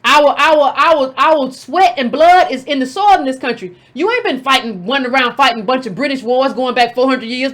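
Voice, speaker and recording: Combative high-voiced woman host. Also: a bit bright. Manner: combative, scolding, repeats phrases. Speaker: political commentator and show host. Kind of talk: casual direct-to-camera commentary.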